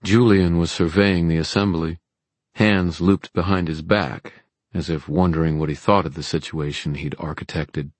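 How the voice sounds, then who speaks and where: A man narrating an audiobook with steady storytelling. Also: deep voice, moderate pace, no room sound.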